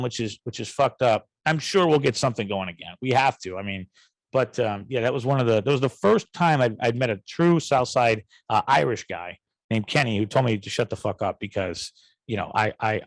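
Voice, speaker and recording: A man from the suburbs, spinning a loose, profane podcast story packed with "you know" asides. His voice sits at an ordinary middle pitch. The sound is dry and close, with no room around it. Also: a little fast, no echo, rough recording. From south suburbs of Chicago, USA. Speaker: podcast host. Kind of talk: casual storytelling rant.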